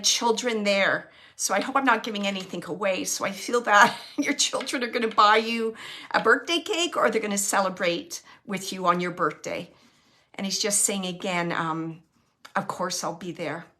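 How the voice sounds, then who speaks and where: A middle-aged woman working as a medium, relaying spirit messages in a live online reading and softly repeating the phrases she hears. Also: mid-range voice, moderate pace.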